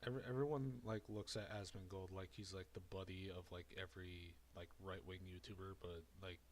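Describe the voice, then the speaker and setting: A man with a fairly low voice runs a loose commentary rant. He rambles and circles back over the same words. He sounds a little breathless, having just had a drink. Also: steady tone, brisk, slight background noise. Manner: rambling and repetitive. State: slightly out of breath after drinking. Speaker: commentary streamer. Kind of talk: casual ranting commentary.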